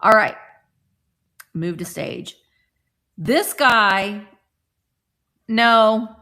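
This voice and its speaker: A woman's voice: mid-range voice, drawn-out words, pushed and bright. A woman hosting a live vintage sale, chatting casually with playful, rambling asides. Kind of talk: casual live-stream selling chat.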